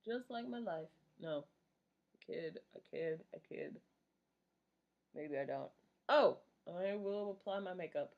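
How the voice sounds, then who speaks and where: A woman's voice: lowish voice, slow pace, gravelly, pauses often, muffled recording. A woman in her thirties chats away casually while she does her makeup. She rambles from one thing to the next, swears freely and makes fun of herself as she talks. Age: 30s. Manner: rambling, profane and self-mocking. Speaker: vlogger.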